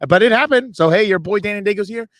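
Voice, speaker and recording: A man with a high voice tells a rambling, animated story on a sports show. He mocks himself and acts out what the others said. The sound is dry and close, with no room echo. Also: fast. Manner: animated, self-mocking, voices others in quotes. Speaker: podcast co-host. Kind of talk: excited storytelling. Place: radio row event booth.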